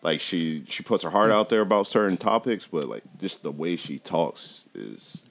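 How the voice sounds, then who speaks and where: A man in a casual chat, speaking in slow, low-key, drawn-out remarks. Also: lively intonation, creaky, a little hiss or hum.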